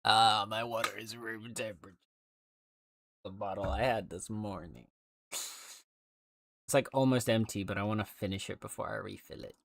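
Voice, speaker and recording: A man's voice: fairly low pitch, moderate pace, creaky, long pauses, a bit bright. A man livestreaming a game, chatting casually with viewers in a rambling way with lots of fillers and restarts.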